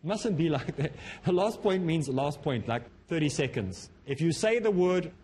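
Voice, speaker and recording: A man from Africa, lecturing students on public speaking in a lively way that acts out the speakers he quotes. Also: on the high side, normal speed. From South Africa.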